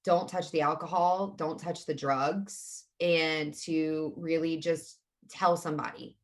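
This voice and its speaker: Woman in her 30s talking frankly in an interview, lowish voice, earnest. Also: steady tone, slow. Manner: open and earnest, talks about feelings frankly. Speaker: interview guest. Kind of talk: candid conversational interview.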